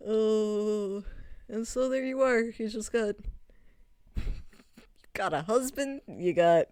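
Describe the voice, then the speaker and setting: A young woman streamer casually recapping a game, rambling and animated, swearing freely and laughing often. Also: medium pitch, a little slow, long pauses, clean tone, no room sound, clean studio sound.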